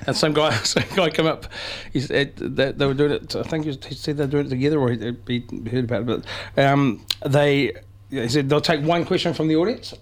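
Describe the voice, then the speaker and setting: A man's voice: medium pitch, fairly quick. Rambling New man co-hosting radio. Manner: rambling storyteller with many fillers. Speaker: radio show co-host. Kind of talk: casual banter.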